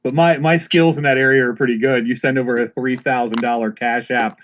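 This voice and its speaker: A man's voice: medium pitch, fairly quick, a little hiss or hum. Wry man telling a story on a podcast. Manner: relaxed, wry, filler-heavy storytelling. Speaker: podcast co-host. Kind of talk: casual storytelling chat.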